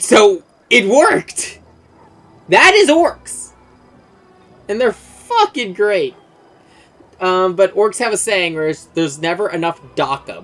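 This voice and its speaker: Excitable rambling game streamer. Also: mid-range voice. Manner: enthusiastic, rambling, swears freely, many fillers. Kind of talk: casual lore explanation on a game stream.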